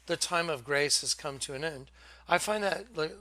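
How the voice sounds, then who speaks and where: A man hosting his own religious video, giving an earnest, halting testimony to camera with many restarts. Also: on the high side, sharp tone, no room sound.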